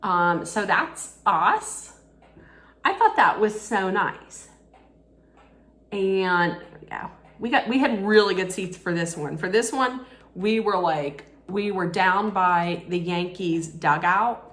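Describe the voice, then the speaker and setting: Lively woman telling a story. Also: medium pitch, slow pace, roomy sound. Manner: animated, excitable, laughs often. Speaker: vlogger. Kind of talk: casual storytelling.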